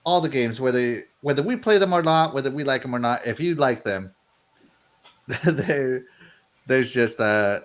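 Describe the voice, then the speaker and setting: A man's voice: medium pitch, measured pace. A man hosting a gaming podcast in casual chat, upbeat and rambling with fillers. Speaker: podcast host.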